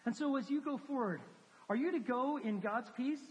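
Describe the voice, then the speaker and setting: A man preaching a sermon, rising to emphatic questions and dropping to soft, hushed storytelling. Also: very high voice, moderate pace, highs cut off. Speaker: pastor. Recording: long hall reverb.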